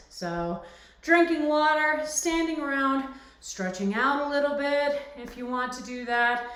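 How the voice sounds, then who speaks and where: A woman's voice: fairly high pitch, fairly bright tone, far from the mic. A woman fitness instructor leading a live home workout class, chatty and encouraging, with many fillers. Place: home exercise space. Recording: very echoey room.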